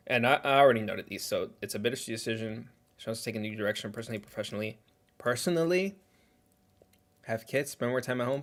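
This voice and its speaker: A man hosting a casual livestream reaction who rambles in a chatty way and talks while eating. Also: mid-range voice.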